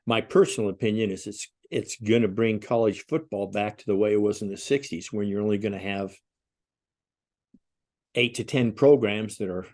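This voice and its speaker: A man's voice: fairly low pitch, a little mellow. A man hosting a podcast, talking casually and setting up his questions at length. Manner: conversational, leads with long setups to questions. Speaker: podcast host. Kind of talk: casual interview conversation.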